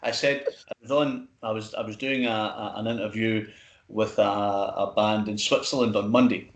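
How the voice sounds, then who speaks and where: A man's voice: fairly low pitch, steady tone, normal speed. Scottish man with an echoey sound. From Scotland. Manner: swears freely, stumbles and restarts. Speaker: interviewer. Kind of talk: casual interview.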